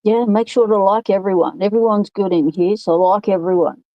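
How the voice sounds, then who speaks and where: A woman's voice: mid-range voice, moderate pace, dry recording, highs cut off. An Australian woman hosting a casual livestream from her home workshop, chatting in a rambling way and greeting viewers by name over a phone microphone. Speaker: livestream host.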